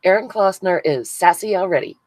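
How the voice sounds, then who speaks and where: A woman's voice: fairly low pitch, animated, a little fast, darkish tone, dry recording, low-quality recording. A woman hosting a casual craft live stream, chatting with viewers by name as she glues buttons and thinks aloud. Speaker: craft channel host. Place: indoors at a crafting table.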